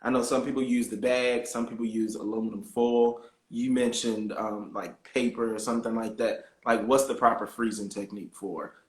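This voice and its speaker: A man's voice: on the low side, steady tone, normal speed, few pauses. A man hosting an interview over a video call, easygoing and curious as he asks questions. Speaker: host. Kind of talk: casual interview chat. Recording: roomy echo.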